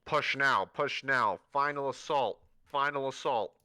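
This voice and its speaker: A man voicing soldiers in battle who shout orders in a high, strained voice. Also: a little slow. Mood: frantic shouting.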